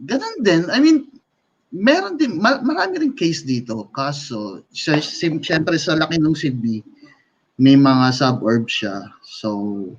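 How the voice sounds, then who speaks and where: A man speaking as a guest on a live video call, relaxed and conversational, mostly in Tagalog mixed with English. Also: fairly high pitch, measured pace, slightly rough. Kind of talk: casual live-stream chat. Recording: dull lo-fi video-call audio.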